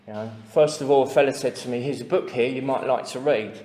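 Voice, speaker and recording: A man's voice: medium pitch, steady tone, fast talker, a little mellow, a little hiss or hum. English man telling his recovery story, plain talk, lots of fillers, echoey hall with long reverb. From England. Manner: plain-spoken, many fillers and asides. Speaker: speaker sharing recovery story. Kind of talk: personal testimony to a recovery meeting.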